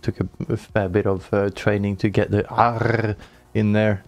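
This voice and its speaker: A man co-hosting an online radio show, chatting casually in a halting way full of fillers, with dry humor. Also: lowish voice, flat delivery, gravelly.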